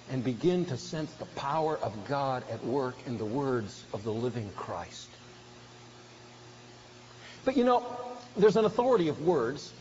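A man's voice: medium pitch, very animated, normal speed, a little mellow. A man preaching a sermon with earnest, emphatic delivery that swells at key points. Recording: dull recording with faint hiss.

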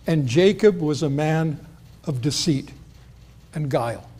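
A man preaching with a slightly raised pitch. He talks to the congregation conversationally and acts out the quoted lines with lifted voice. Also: lively intonation, takes it slowly, warm tone, slightly rough. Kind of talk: expository sermon.

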